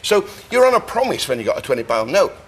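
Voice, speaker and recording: Animated and fairly high-pitched, an older man lays out science facts as a chat show guest, slipping in rapid impressions of voices and sounds as he talks.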